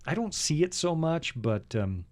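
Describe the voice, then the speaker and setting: A man's voice: a little high, unhurried. A man hosting a casual Bible talk show, joking around and then lecturing firmly on history and scripture. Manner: jokey, lively storyteller who lectures with conviction. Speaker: host.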